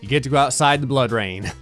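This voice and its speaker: A man giving sarcastic, joking let's-play commentary on a video game, laughing often. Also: medium pitch. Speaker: gaming YouTuber.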